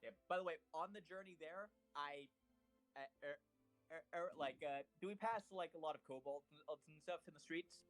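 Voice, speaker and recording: A man's voice: fairly high pitch, moderate pace, fairly bright tone, faint music behind. Hesitant man playing a tabletop game. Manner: hesitant, many restarts and fillers. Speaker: player. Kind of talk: casual tabletop play over voice chat.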